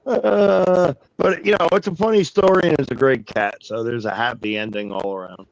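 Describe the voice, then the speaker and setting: Man, mid-pitch, dry close mic, rambling profane storyteller, casual. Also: measured pace, vocal fry, long pauses, no echo, low-quality recording. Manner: rambling, profane, animated anecdote telling.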